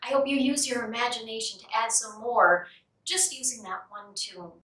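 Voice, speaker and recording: A woman leading a music and movement program for toddlers, singing simple songs and talking in a slow, sing-song, cheerful way. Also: a little high, far from the mic. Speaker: children's music program leader. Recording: echoey room, voice a bit off-mic.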